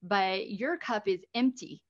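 A woman's voice: medium pitch, a little slow. Woman host, casual chat, blunt and encouraging, slightly muffled sound.

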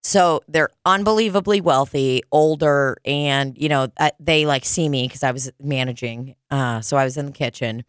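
A woman's voice: a bass voice, moderate pace, few pauses, clear, resonant tone, dry recording, studio quality. A young woman telling a story in casual podcast chat, joking and swearing freely. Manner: profane, jokey storyteller.

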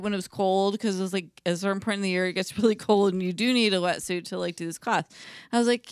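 A woman's voice: medium pitch, fast, smooth, no room sound, studio quality. A woman co-hosting a podcast, telling a story in casual chat, full of "like" and laughing as she goes. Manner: chatty storyteller, lots of "like" and laughter. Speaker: podcast co-host.

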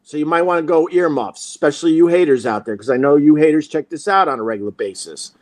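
A middle-aged man hosting a talk show, telling a story in a casual, animated, profane way and acting out other people's lines. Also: fairly high pitch, fast.

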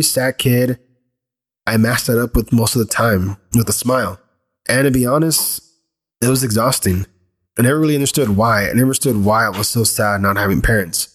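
A man in his thirties, a father, talking earnestly and candidly about raising his kids in a loose, rambling way. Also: medium pitch. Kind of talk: reflective personal talk.

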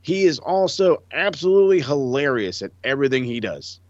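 A man co-hosting a casual chat show, animated and profane, often acting out what others said. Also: mid-range voice, a little fast, no room sound. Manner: animated, profane, acts out quotes. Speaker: podcast co-host. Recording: dull lo-fi dry mic.

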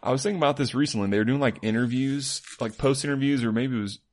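A man's voice: mid-range voice, quick pace. A man co-hosting a podcast, chatting casually and telling rambling, playful stories full of "like"s. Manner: rambling, playful storytelling with many "like"s. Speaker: podcast co-host. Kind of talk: casual chat.

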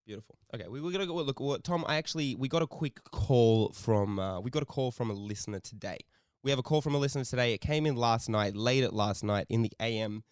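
A man co-hosting a podcast, telling a story in animated, casual chat, swearing often and laughing a lot. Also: mid-range voice, fast talker, hardly any pauses, clean tone, no room sound, clean studio sound. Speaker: podcast co-host.

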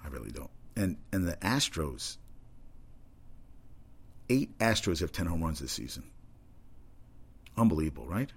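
A man's voice: very deep voice, sing-song, a little slow, gravelly, pauses often, slightly rough. A man hosting a casual talk segment, rambling through sports news and comedy anecdotes. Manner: rambling, conversational, with restarts and asides. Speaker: talk show host.

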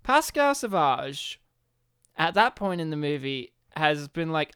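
A man co-hosting a casual film podcast, playfully acting out characters in quick bits. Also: on the high side, big pitch swings, sharp tone, clean tone. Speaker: podcast co-host.

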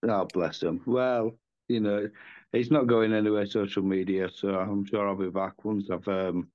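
A man's voice: on the low side, fairly even intonation, normal speed. A man, a regular co-host, chatting in an easygoing, friendly way. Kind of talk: casual chat. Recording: dry, dull lo-fi sound.

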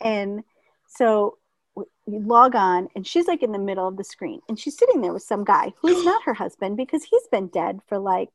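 A middle-aged woman telling a funny family story in casual chat, animated and laughing often, mimicking relatives in higher voices. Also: moderate pace, no echo. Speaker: storyteller in a conversation; teacher.

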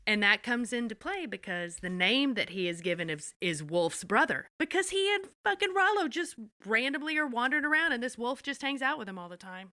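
A woman's voice: fairly high pitch, sing-song, brisk, few pauses, bright, forceful tone, dry recording. A woman co-hosting a podcast, recapping an episode with enthusiasm and casual swearing. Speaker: podcast co-host.

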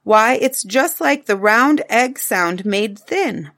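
A woman's voice: fairly high pitch, animated, slow, a bit bright, exaggerated voice. Woman voicing patient caveman dad Tegumai. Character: cave-man father, patient and playful.

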